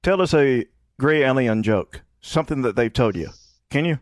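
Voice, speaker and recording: A man's voice: medium pitch, animated, normal speed, no echo, clean studio sound. A man hosting a podcast, talking in a casual, blunt, conversational way. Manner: conversational, blunt, laughs easily. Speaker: podcast host. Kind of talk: casual interview chat.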